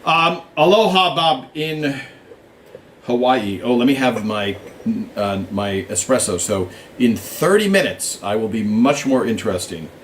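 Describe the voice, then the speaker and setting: Speaking a little slowly in an expressive mid-range voice, a show writer hosts a relaxed live Q&A stream for fans in a small blue-backdrop studio in Hollywood. He greets viewers by name and thinks out loud with frequent fillers, and there's slight background noise.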